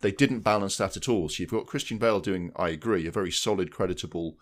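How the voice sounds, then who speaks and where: Male co-host, deep voice, loose rambling chat. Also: fast. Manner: rambling, restarts mid-sentence. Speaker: podcast co-host. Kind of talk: casual film chat.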